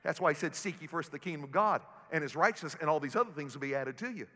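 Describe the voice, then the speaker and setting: A man preaching a sermon as pastor, animated and humorous as he tells stories to his congregation. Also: on the high side, fast talker, long reverb tail. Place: large auditorium.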